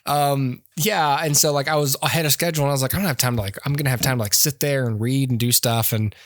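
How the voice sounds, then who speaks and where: A man's voice: medium pitch, fairly even intonation, fast, no room sound, studio quality. A man, a podcast co-host, in casual chat, rambling through a story with restarts and frequent laughter.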